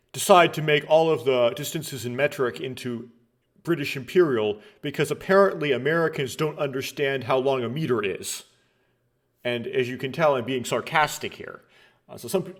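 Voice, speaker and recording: A man hosting a Let's Play, talking casually and rambling, with many restarts and dry sarcastic asides. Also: mid-range voice. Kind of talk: casual game commentary.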